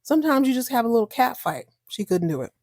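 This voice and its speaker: A woman's voice: fairly high pitch, very animated, fast talker, darkish tone, dry recording, clean studio sound. A woman hosting a podcast, recapping a TV soap in a chatty, sarcastic, joking way. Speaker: podcast host. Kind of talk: casual TV recap.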